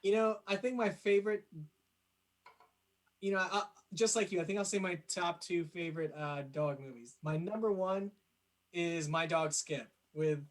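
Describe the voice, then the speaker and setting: Young guy cohosting a podcast, high voice, eager, laughs a lot. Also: normal speed. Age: young adult. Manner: enthusiastic, laughs often. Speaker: podcast co-host. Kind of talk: casual chat.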